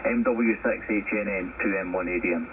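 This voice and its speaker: Low-voiced Scottish man over radio. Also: a little fast, slight background noise. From Scotland. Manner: relaxed, storytelling, uses 'wee' and 'aye'. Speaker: ham radio operator. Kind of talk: casual radio contact chat. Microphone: heard over a shortwave radio. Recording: muffled radio reception.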